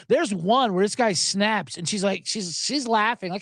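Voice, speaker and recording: A man's voice: sits high, expressive, moderate pace, hardly any pauses, fairly bright tone, no room sound. A man hosting a sports betting podcast, ranting sarcastically with profanity and mocking voices. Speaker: podcast host.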